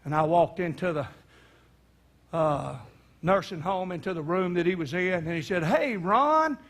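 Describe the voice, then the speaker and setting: High-voiced preacher telling a story. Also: male voice, animated, measured pace, fairly bright tone. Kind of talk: sermon storytelling.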